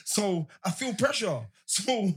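A man's voice: high voice, sing-song, slow pace, husky. A man hosting a podcast, telling stories in casual slangy banter and laughing often. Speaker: podcast host.

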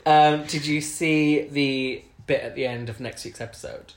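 A man co-hosting a casual podcast conversation, teasing his friend and breaking into laughs. His voice sits at an ordinary pitch. It carries a roomy echo. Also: steady tone, unhurried. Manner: chatty, teasing, laughs often. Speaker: podcast co-host. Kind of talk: casual chat.

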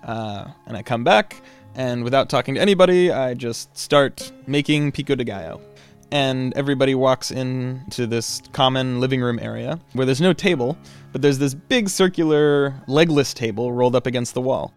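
A man's voice: mid-range voice, normal speed, clear, resonant tone, faint music behind. A man telling a personal travel story in a casual, chatty way, with lots of ums and you-knows. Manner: casual and chatty, with many fillers.

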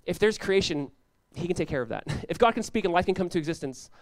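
A young man preaching a sermon as pastor, casual and animated, peppered with "like" and quick laughs. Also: high voice, no echo.

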